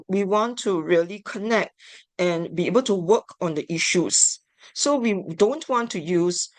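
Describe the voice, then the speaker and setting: A woman giving an instructional talk on family therapy, measured and deliberate. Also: fairly low pitch, no room sound. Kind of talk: instructional lecture.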